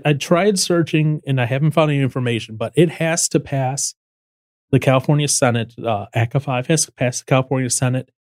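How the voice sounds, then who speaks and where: A man's voice: medium pitch, a little mellow, no echo. A man hosting a casual political talk, explaining things step by step with frequent restarts. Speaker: podcast host.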